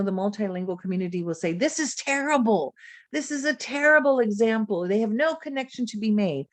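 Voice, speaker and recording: A woman's voice: sits low, darkish tone, no echo. A woman presenting a literacy lesson over a video call, modeling classroom drills with patient, encouraging teacher talk and taking both the teacher's and the students' turns. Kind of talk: webinar lesson demonstration.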